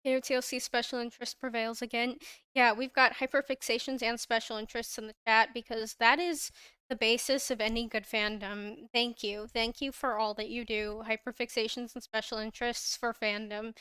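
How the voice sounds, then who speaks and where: A woman's voice: a little high, little pitch movement, moderate pace, pushed and bright, clean tone, dry recording. A young woman chatting casually on her livestream, gushing about a fandom with frequent giggles and restarts, close to her own microphone. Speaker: livestream host.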